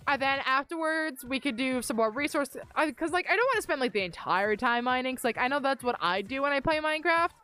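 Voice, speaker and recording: A young woman with a high, pushed and bright voice talks a little fast with lively intonation and hardly any pauses. Streaming a game from her upstairs bedroom into a desk mic on a mic arm, she rambles casually in a chatty, self-deprecating way.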